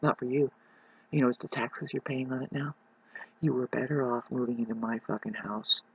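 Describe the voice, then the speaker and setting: Husky-voiced vlogger, mid-pitched, intense and preachy in a dry close recording. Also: steady tone, moderate pace, lo-fi sound. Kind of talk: rambling rant to camera. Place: rural mountain home.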